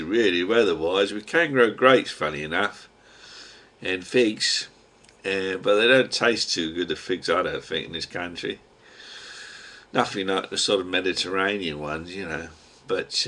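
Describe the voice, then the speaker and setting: A low-voiced man with a thick Cockney accent talks to his webcam from home. He drifts from one thing to the next in a gruff, slangy ramble, throwing in the odd mild curse. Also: sharp tone. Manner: chatty, digressive, gruff slang and mild swearing. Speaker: webcam vlogger. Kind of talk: rambling casual monologue to a webcam.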